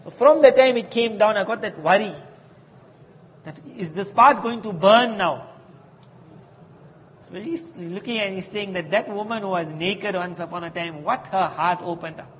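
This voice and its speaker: Man, preacher, storytelling sermon, animated quoted dialogue, muffled lo-fi recording, hall reverb. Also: sits high, normal speed, slight background noise. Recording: dull audio with long hall reverb.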